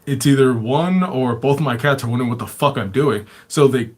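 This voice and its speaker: A man's voice: medium pitch, brisk. A man hosting a show, telling his own stories casually, swearing constantly and chuckling often. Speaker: show host. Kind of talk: casual storytelling.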